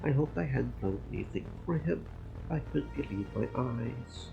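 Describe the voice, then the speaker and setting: A man streaming a game, reading its first-person narration aloud at a steady storytelling pace. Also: medium pitch, normal speed, creaky, muffled recording. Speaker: streamer reading a visual novel. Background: game music.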